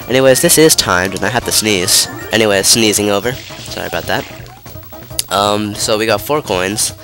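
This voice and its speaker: A young let's play commentator with a cold speaks in a lowish, fairly bright voice that sounds stuffy and nasal. His casual commentary wanders, breaks off mid-thought, and is packed with fillers, all over background game music.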